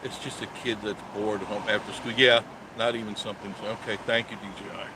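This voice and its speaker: A man's voice: lowish voice, little pitch movement, fast talker, background noise. A man in his sixties hosting a live stream, chatting casually and joking sarcastically as he reads viewer comments. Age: 60s.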